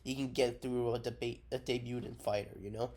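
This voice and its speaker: A man's voice: mid-range voice, steady tone, a little fast, dark tone. A man giving casual, rambling fight predictions, blunt and profane, unwell and drowsy from cough syrup. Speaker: MMA predictions vlogger. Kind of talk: casual unscripted commentary.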